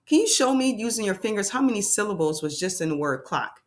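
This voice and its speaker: Woman teacher leading a kids' phonics lesson, mid pitch with a very lively range, over-articulates sounds. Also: fast talker, noisy background. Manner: animated, exaggerated sounding-out of letters.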